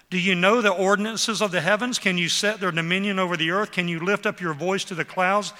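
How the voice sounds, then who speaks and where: A man's voice: sits high, sharp tone, in a large hall. A man preaching a sermon with emphatic, rhetorical questions.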